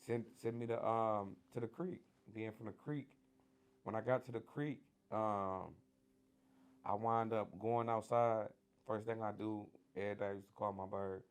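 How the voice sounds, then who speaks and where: A guest with a Detroit accent tells his prison story in a casual interview, animated and full of slang, acting out the voices of people he quotes. His voice is lowish and clean, at a moderate pace.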